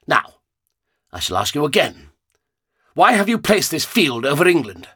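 A man's voice: fairly high pitch, huge pitch swings, moderate pace, pushed and bright, husky, no room sound, clean studio sound, voice pushed up, heavily acted. A man playing the Doctor, a pompous patrician. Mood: imperious. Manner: pompous, theatrical, commanding. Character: imperious, patrician male time traveller. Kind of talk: audiobook narration.

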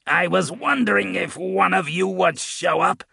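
A man's voice: high-pitched, measured pace, creaky, sharp tone, slightly rough, no room sound, studio quality, pitched above the performer's own voice, full character voice. A man voicing a brutal, tentacled male plague warrior who snarls with scorn. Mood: mocking.

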